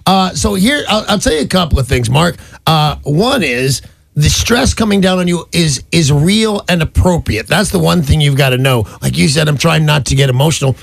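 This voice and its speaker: A man's voice: a little high, lively intonation, normal speed, vocal fry, dry recording. A man hosting a call-in radio advice show, talking to a caller in a frank, blunt, matey way. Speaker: radio host giving advice. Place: radio studio. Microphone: studio microphone.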